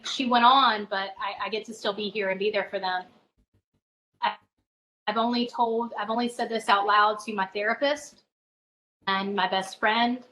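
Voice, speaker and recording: A middle-aged woman, a spiritual advisor, tells a personal story as a podcast guest, earnest and halting, often restarting her phrases. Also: mid-range voice, sharp tone, poor audio.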